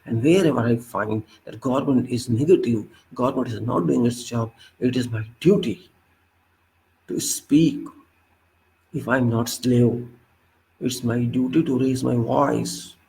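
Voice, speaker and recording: A man's voice: medium pitch, measured pace, gravelly, a little mellow, low-quality recording. A man with an Indian English accent giving an emphatic, lecturing political commentary monologue and repeating his points.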